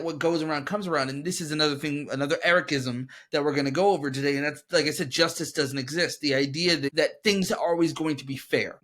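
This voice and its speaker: A fairly high-voiced man chats casually as a podcast co-host. His talk is rambling and animated, and he swears freely as he works through a point.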